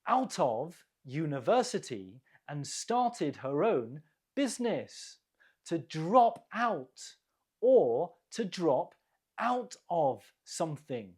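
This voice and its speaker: An English teacher hosting a quiz for learners, reading slowly and deliberately, repeating each word and explaining where the stress falls. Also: medium pitch, darkish tone, husky.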